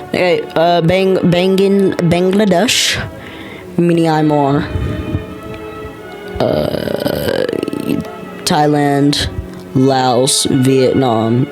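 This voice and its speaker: A man's voice: mid-range voice, expressive, slow pace, over music, rough recording. A man from the United States talking casually as he names countries on a map, unsure and thinking aloud, often repeating names to himself. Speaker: geography vlogger. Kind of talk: casual commentary while labeling a map.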